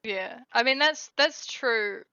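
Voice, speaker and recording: A woman's voice: on the high side, slow, sharp tone, clear, resonant tone, dry recording, highs cut off. A woman with a New Zealand accent co-hosting a podcast in casual chat, chatty with lots of fillers. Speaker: podcast co-host.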